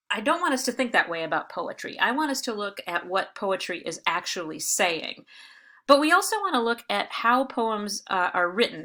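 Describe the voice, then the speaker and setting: A woman's voice: medium pitch, sharp tone. A woman teaching in a recorded lecture video, explaining patiently with frequent fillers and restarts. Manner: reads verse with exaggerated stresses.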